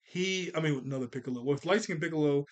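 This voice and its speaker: A man giving casual, excitable commentary on a film, often laughing and stumbling over his words. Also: fairly high pitch, fast talker. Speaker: channel host reacting to an anime film.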